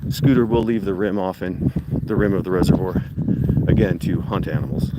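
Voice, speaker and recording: A man's voice: low-pitched, normal speed, very noisy. An older man from Ohio, chatting breathlessly on a walking livestream while coaxing his dog along. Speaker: livestream host. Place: outdoors by a rural reservoir.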